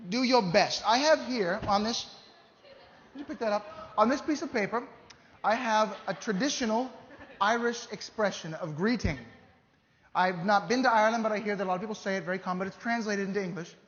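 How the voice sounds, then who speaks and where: A man's voice: sits high, a little fast, a bit bright. An actor playing a teasing, theatrical founding-era statesman, coaxing a student audience in a live historical re-enactment. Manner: playful, coaxing, audience-directing. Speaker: costumed performer at an educational show. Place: large hall with a live audience. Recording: dull, echoey hall with faint ambience.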